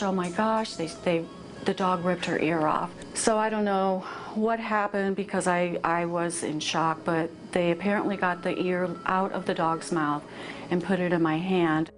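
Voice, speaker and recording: A woman speaks in a calm, reflective way, her voice sitting a little low. A music bed plays clearly under her words. She is being interviewed for a news story.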